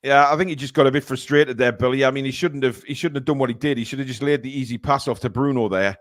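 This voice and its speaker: A man hosting live fan commentary of a football match, calling the play-by-play and bursting into shouts at big chances. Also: mid-range voice, fairly even intonation, quick pace.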